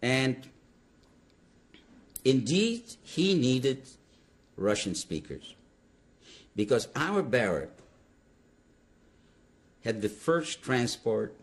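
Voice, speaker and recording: An older man telling his story in an interview, animated and halting, with restarts mid-sentence. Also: medium pitch. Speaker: Holocaust survivor giving testimony. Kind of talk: interview testimony.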